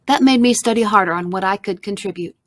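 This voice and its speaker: A woman reads a children's storybook aloud in a soft, expressive first-person telling. Her voice sits at an ordinary middle pitch and is recorded dry and close, with no room sound. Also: fast talker, no room sound.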